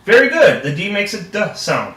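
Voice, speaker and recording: A young man acts as a reading tutor, upbeat and full of praise. His voice is high and bright. The sound is roomy and captured from a distance. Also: wildly swooping pitch, moderate pace. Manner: upbeat and encouraging, heavy praise. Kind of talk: practice lesson role-play. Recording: echoey room, distant mic.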